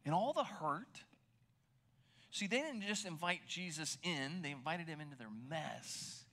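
A man preaching a sermon in a conversational, animated way, sometimes dropping to a near whisper for emphasis. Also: fairly high pitch. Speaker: pastor.

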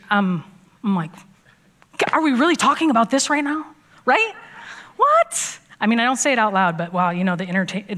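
A woman's voice: medium pitch, fairly bright tone. Chatty woman youth pastor telling stories. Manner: chatty, storytelling, laughs often, acts out quoted voices. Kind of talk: sermon.

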